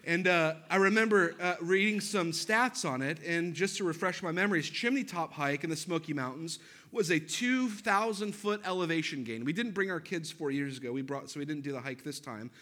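A man in his thirties, a pastor, preaching with a lively personal story and self-deprecating humor. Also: on the high side, a little fast.

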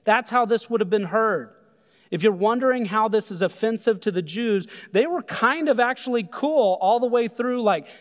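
A man preaching a sermon, animated, acting out voices when he quotes people. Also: sits high. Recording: long hall reverb.

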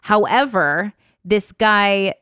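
A woman hosting a casual chat podcast, bubbly and quick to laugh as she reads out social media posts. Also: medium pitch, sharp tone, smooth, no echo, studio quality. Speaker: podcast host.

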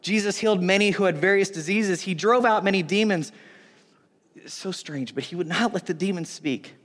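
A man preaching a sermon, animated, acting out the voices of onlookers in the story. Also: high voice, normal speed. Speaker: pastor. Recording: long hall reverb.

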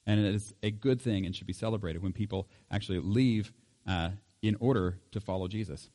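A man's voice: lowish voice, brisk, mellow. A middle-aged man giving an informal Bible teaching in a conversational way, with chuckles and fillers.

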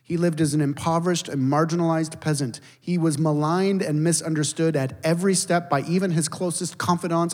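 A man preaching a sermon as a pastor, telling stories with animated emphasis and dropping to hushed, intense moments. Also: fairly high pitch. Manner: animated storytelling, shifts between loud emphasis and hushed intensity. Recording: long reverb of a large hall.

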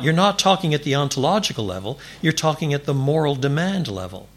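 A man preaching a sermon in a church, animated and building to emphatic declarations. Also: on the high side, brisk, few pauses. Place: church before a congregation.

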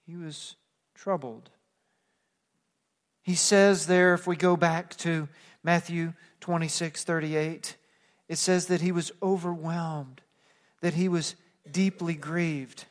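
A man's voice: a little high, fairly even intonation, takes it slowly, long pauses, long reverb tail. A man preaching a sermon as pastor, earnest, with casual acted-out asides. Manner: earnest preaching, acts out plain-spoken asides.

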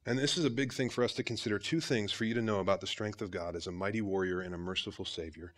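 A man's voice: on the low side, quick pace, a bit bright. A man in his thirties preaching a sermon in a conversational way, often turning to his listeners with questions. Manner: conversational preaching, addresses congregation as guys. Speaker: pastor.

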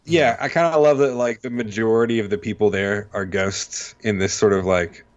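Laid-back man, slightly low voice, lo-fi. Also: steady tone, moderate pace. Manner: laid-back, chatty, reads song lyrics aloud with a laugh. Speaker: co-host discussing songs. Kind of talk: casual chat.

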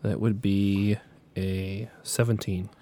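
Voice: deep voice, level tone, takes it slowly, mellow, dry recording. A player in character at a tabletop game, teasing and incredulous.

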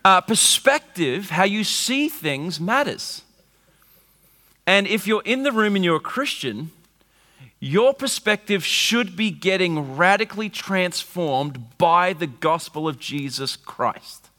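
A man, preaching a sermon with animated storytelling and wry humour. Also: high voice, slow pace. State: recovering from flu. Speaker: pastor. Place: church hall. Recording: reverberant hall.

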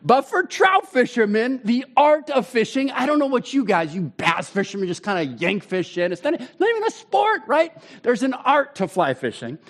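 Guy in his 30s preaching, high voice, chatty, gets loud in bursts. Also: normal speed, few pauses. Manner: animated, conversational preaching with sudden loud bursts. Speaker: pastor. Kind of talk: sermon.

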